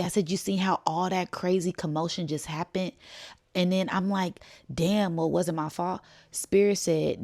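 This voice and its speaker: Low-pitched lady telling a story casually, talks to her viewers, does all the voices. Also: unhurried. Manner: animated storyteller, acts out dialogue, laughs often. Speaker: spiritual channel host.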